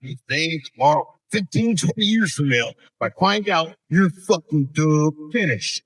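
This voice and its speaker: A comedian doing a dim, grunting bully with a slow, dopey drawl, muttering threats between "duh"s. The voice is dry, close and pitched a bit high for a man. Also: lively intonation, fairly bright tone, slightly rough, no echo, low-quality recording. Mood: menacing, dopey.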